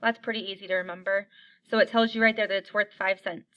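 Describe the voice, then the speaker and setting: A woman teaching coins to young children in an online lesson, upbeat and encouraging, chanting little rhymes slowly for them to repeat. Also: medium pitch, fairly even intonation, lo-fi sound, noisy background.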